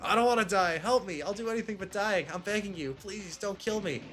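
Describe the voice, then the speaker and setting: A man's voice: on the high side, animated, fast, pushed and bright, slight background noise, voice pushed up. Man voicing a panicking young athlete begging. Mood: pleading. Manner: pleading, desperate, frantic. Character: panicking young male soccer star, cowardly.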